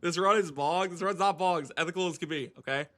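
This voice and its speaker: A man streaming a game live, chatting casually with viewers in an excitable, teasing way and laughing often. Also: high voice. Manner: excitable, teasing, quick to laugh and banter with chat. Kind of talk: casual live gameplay commentary to chat.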